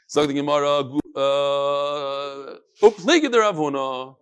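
A man teaching a Talmud class, explaining the text in an animated way, calling on students and reading Aramaic phrases in a singsong. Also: a little high, measured pace, clear, resonant tone. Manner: animated, switches between English and chanted Aramaic phrases, calls on students. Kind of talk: lively classroom Gemara lesson.

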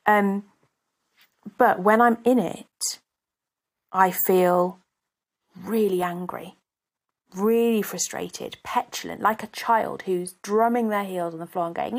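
A woman's voice: mid-range voice, slow, gravelly, pauses often. A woman hosting a self-help podcast, a mother speaking candidly and thinking aloud in a reflective monologue. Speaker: podcast host; mother of three.

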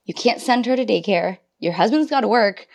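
A woman in her twenties, a podcast guest, telling a personal story in a chatty, animated way, acting out her own past thoughts. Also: mid-range voice, a little fast. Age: 20s. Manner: animated storytelling with quoted inner voices. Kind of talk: casual podcast conversation.

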